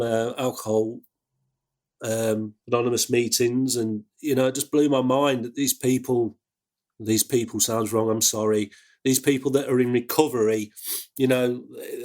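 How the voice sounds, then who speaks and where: A man with an English accent, an ambulance worker telling a personal story in a halting way, with many restarts. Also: medium pitch, a little mellow. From England. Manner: halting, full of fillers and restarts.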